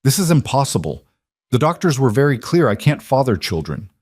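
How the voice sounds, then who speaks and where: A man's voice: medium pitch, very animated, brisk, darkish tone, husky, no room sound, clean studio sound, voice pushed up. A man playing a controlled mafia boss husband who talks in a clipped, guarded, tense way. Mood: shaken.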